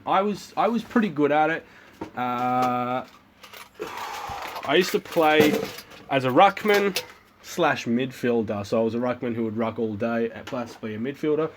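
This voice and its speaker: A man's voice: a little high, unhurried, slight background noise. A man with an Australian accent hosting a livestream, telling stories in a rambling, casual way with repeated words and free swearing. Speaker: livestream host. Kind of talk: casual chat and joke telling.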